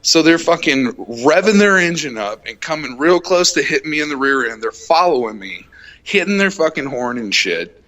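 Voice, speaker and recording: A young adult man hosting a casual podcast, telling a heated, profane road-rage story and acting out the shouting. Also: fairly high pitch, big pitch swings, moderate pace. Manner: profane, heated retelling, acts out shouted quotes. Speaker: podcast host.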